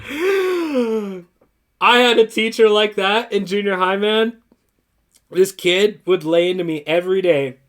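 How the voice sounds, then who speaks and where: A man's voice: high-pitched, slow pace. A man co-hosting a casual talk show, telling a story with lots of swearing and acted-out quotes. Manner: profane, heavy swearing; lively anecdotal delivery with voiced-out quotes.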